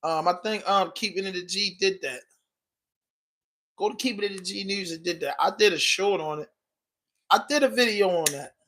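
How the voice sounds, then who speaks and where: A man's voice: high voice, normal speed, pauses often, sharp tone. A man with a Baltimore accent hosting a casual livestream podcast, talking loosely in slang while answering viewer comments. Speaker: podcast host.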